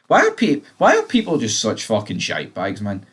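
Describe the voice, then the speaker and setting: A man's voice: fairly low pitch, huge pitch swings, moderate pace, slightly rough. A man giving a casual, rambling TV episode review, blunt and swearing freely.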